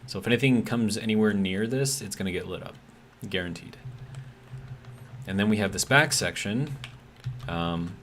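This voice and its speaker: A man's voice: on the low side, normal speed, a bit bright, a little hiss or hum. A man streaming a game live, talking casually and reading chat messages aloud, in an easygoing, hesitant way with lots of ums and self-corrections.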